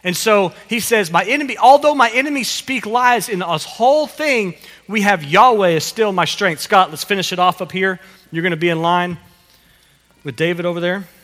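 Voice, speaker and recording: A man preaching a family sermon as pastor, animated and encouraging as he coaches children through the psalm, often repeating his phrases. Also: sits high, normal speed, big-room sound.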